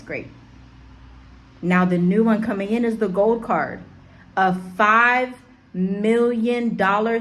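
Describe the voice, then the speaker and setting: A woman giving casual commentary to her viewers, animated, repeating herself for emphasis. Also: fairly low pitch, a little hiss or hum. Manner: animated, repetitive, talks straight to viewers. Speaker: vlogger. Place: abroad, home setting.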